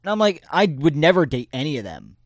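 A man's voice: on the high side, sing-song, quick pace, no room sound, clean studio sound. A young man in his twenties co-hosting a podcast, talking in a blunt, profane, laid-back way. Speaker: podcast co-host. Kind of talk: casual chat.

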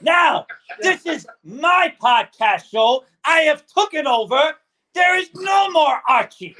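A man's voice: very high-pitched, expressive, takes it slowly, bright, forceful tone, exaggerated voice. A man doing a blustering pirate captain. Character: boastful male pirate captain, gruff and grandiose. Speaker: podcast co-host.

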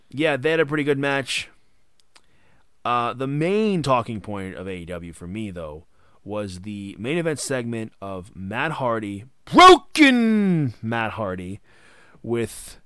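A man's voice: lowish voice, measured pace, smooth, no room sound, studio quality. Chatty man co-hosting a wrestling podcast. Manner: animated, laughs often, acts out quotes loudly. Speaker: podcast co-host. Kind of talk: casual chat. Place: home during quarantine.

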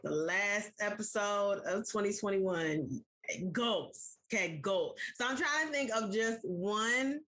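A woman's voice: medium pitch, animated, takes it slowly, a bit bright. A woman co-hosting a podcast in casual chat, talking straight to her listeners. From United States. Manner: chatty, addresses listeners directly. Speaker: podcast co-host.

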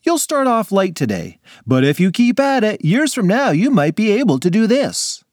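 A man's voice: high voice, sing-song, normal speed, darkish tone, dry recording, studio quality, voice pushed up. A man voicing a proud, boastful strength instructor with a hearty delivery.

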